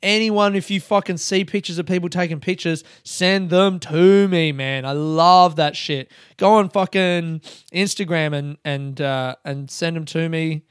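A man's voice: fairly high pitch, steady tone, measured pace, hardly any pauses, clean tone, no room sound, studio quality. A young man hosting a podcast, rambling, self-mocking and swearing often as he talks alone. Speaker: podcast host. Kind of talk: casual solo monologue.

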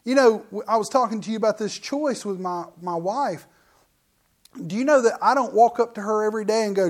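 A man's voice: sits high, quick pace. Folksy joking middle-aged preacher man. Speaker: pastor. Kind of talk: sermon.

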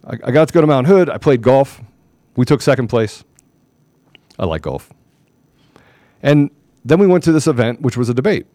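With a medium pitch and moderate pace, this political commentary host pauses often; there's no echo. His storytelling is emphatic and animated, complete with quoted dialogue he performs.

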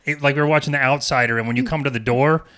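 A man's voice: medium pitch, fairly even intonation, racing, fairly bright tone. Chatty male podcast host. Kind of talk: casual interview chat.

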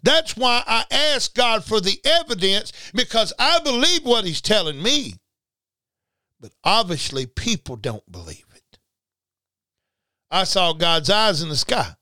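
A man's voice: high voice, very animated, measured pace, bright, forceful tone, no echo. A man preaching a sermon, emphatic and repetitive, talking straight to his listeners. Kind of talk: livestreamed sermon.

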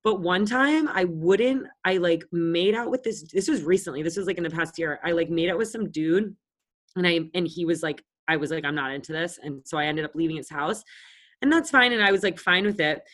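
A woman's voice: lowish voice, brisk, a bit bright. A woman around thirty, co-hosting a podcast and telling stories in a casual, blunt and profane way. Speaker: podcast co-host. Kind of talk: casual chat.

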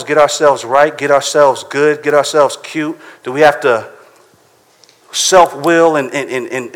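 A man preaching a sermon in a casual, conversational way, often checking in with "right?". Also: a little high. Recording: long hall reverb.

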